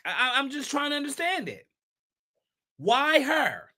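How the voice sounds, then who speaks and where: Reading posts aloud in an informal gossip segment, this high-pitched, bright-voiced male host responds with pointed rhetorical questions full of sass and emphasis. His pitch swings widely, his pace is measured, and the sharpness never lets up.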